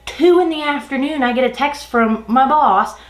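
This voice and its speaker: A woman's voice: sits high, moderate pace, roomy sound. A woman venting an exasperated work story in a casual storytime while doing her makeup. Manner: ranting, exasperated, animated retelling. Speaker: beauty vlogger.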